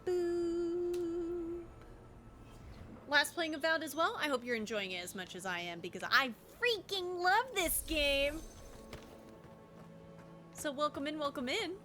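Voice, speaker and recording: Bubbly Southern woman with a lively, bright voice. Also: sits high, moderate pace, faint music behind. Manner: bubbly, chatty, laughs easily. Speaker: streamer. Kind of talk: casual livestream chat while gaming.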